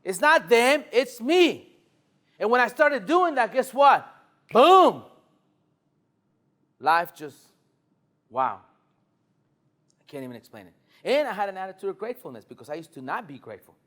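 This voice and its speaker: A male car sales trainer giving a live demonstration, animated and loose, swinging from shouting to murmuring. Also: high-pitched, normal speed, long pauses. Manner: hype-driven and loose, with occasional swearing.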